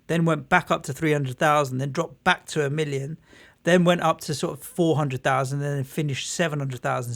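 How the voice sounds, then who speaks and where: A man co-hosts a casual podcast, upbeat and jokey, talking in quick bursts. His voice sits slightly high. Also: gravelly, fairly bright tone. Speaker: podcast co-host. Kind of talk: casual chat.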